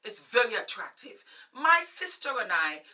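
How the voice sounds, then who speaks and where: Blunt forties lady vlogging advice, super bright sharp voice, kinda far from the mic. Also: fairly high pitch, sing-song, normal speed. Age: 40s. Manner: emphatic, blunt, preachy. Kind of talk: frank relationship advice to camera.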